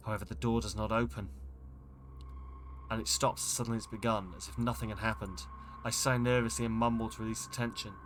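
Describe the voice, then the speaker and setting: A man's voice: mid-range voice, fast, fairly bright tone, slight background noise. A man streaming a game, reading its text aloud in a dramatic way and breaking off with startled exclamations. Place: home streaming setup.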